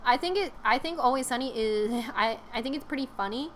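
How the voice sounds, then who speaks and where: A woman's voice: fairly high pitch, brisk, a bit bright, slight background noise. A young woman chatting casually on a live stream, rambling with lots of fillers and giggles.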